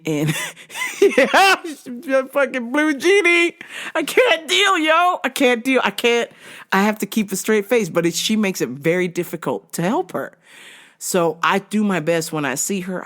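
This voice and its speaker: Animated, foul-mouthed woman host. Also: on the low side. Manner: profane, animated, comic. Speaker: podcast host. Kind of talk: casual storytelling monologue.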